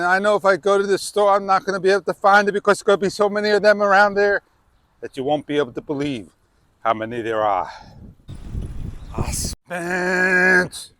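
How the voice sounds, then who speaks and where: A man's voice: sits high, fairly bright tone, no room sound. A man vlogging outdoors on a wireless clip-on mic, rambling casually and exclamatory, often tossing in "man". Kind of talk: casual rambling vlog talk.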